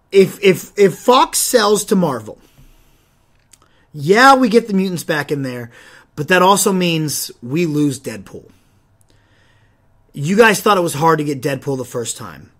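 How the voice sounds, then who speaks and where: A young man hosting a solo podcast, talking in an animated, rambling way with frequent restarts and stumbles. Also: a little high, unhurried, pauses often. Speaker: podcast host.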